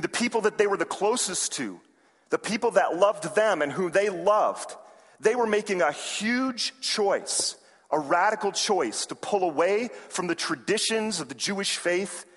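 A man with a high voice delivers a sermon in a large sanctuary, his words carrying a long reverb off the hall. He tells stories with animation and raises his voice to play the people in them. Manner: animated, acts out quoted characters with raised voice. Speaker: preacher. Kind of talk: sermon with storytelling.

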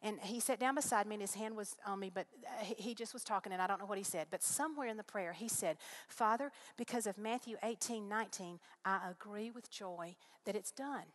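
A woman's voice: medium pitch, a little fast, few pauses. A middle-aged woman giving a heartfelt personal faith testimony to a live audience, telling her story in an earnest, storytelling way.

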